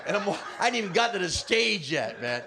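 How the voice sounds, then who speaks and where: Older man from new jersey, stand-up storyteller, gravelly, a bit high, animated, laughs often. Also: brisk, crowd noise. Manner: animated, laughing while telling, shouting out quotes. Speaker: stand-up comedian.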